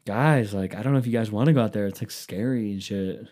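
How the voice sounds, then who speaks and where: A man's voice: lowish voice, fast talker, dark tone, lightly acted. A man voicing a sheepish, nervous male slave owner who whines and pleads, as a comedic podcast bit. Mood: pleading. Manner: whiny, wheedling, apologetic.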